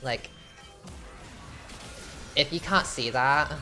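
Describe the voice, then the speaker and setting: A woman's voice: extremely low pitch, extremely slow, pushed and bright. A young woman, chatting sassily through casual gameplay commentary, with lots of "like". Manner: chatty, sassy, filler-heavy with lots of "like". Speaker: gaming streamer. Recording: game music playing behind.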